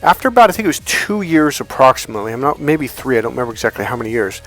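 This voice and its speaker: A man's voice: mid-range voice, big pitch swings, very fast, a bit bright. A man giving a blunt, profane coaching talk on dating and relationships, telling stories and acting out the voices in them. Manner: blunt, profane, storytelling with acted-out quotes. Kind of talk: motivational coaching monologue.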